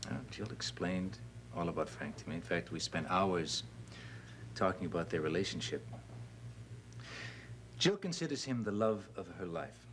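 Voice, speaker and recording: An actor playing an earnest widower in a TV soap opera, speaking in a heartfelt, reflective way. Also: male voice, sits low, lively intonation, moderate pace, noisy background.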